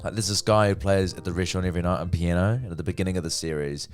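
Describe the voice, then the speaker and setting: A man's voice: sits low, very fast, soft background music. A man giving a casual, profane, chatty review of a TV series. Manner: chatty, profane, lively retelling. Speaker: TV review vlogger.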